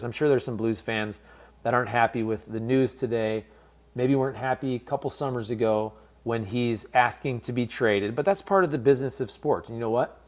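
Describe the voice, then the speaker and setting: Fans get a candid, conversational take on a hockey trade from this St. Louis-based sports commentator. He speaks casually in a medium-pitched, slightly mellow voice.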